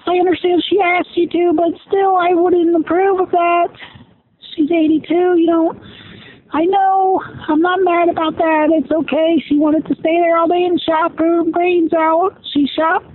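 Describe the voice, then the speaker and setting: A very high-voiced office worker, as a woman plays her complains in halting, tearful bursts about being fed up. The voice comes through thin and tinny, like a phone recording.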